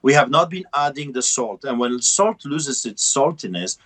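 A man's voice: mid-range voice, expressive, moderate pace, fairly bright tone. A middle-aged man with a heavy non-native accent and broken English, a pastor preaching fervently over a call in a repetitive cadence.

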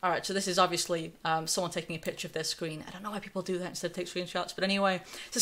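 A woman's voice: fairly low pitch, little pitch movement, racing, few pauses, a bit bright. Sarcastic North Carolina woman streaming commentary. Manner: sarcastic, conversational, reads chat aloud. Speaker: livestream host. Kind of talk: live-stream political commentary.

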